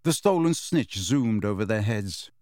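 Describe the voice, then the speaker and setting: A man narrating an audiobook in a measured storytelling manner. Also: on the low side, animated, a little mellow, dry recording, clean studio sound. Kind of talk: scripted narration.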